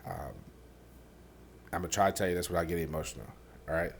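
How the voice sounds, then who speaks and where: Deep-voiced man telling a hard story. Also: slight background noise. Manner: halting, many fillers and restarts; softens and drops low on painful parts. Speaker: podcast host. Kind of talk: candid personal storytelling.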